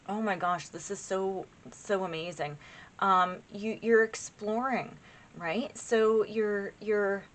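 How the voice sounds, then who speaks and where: A woman in her forties doing a casual tarot reading to camera, chatty and excitable, rambling with asides to her viewers. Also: medium pitch, a little hiss or hum. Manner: chatty and excitable, laughs often, gushes over cards. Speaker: tarot reader.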